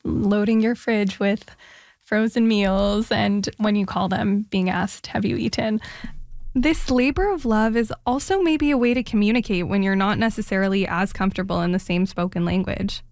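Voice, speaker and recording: A woman's voice: mid-range voice, moderate pace, darkish tone, no echo. A woman hosting an interview, asking thoughtful and encouraging questions. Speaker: interviewer host. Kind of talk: podcast interview.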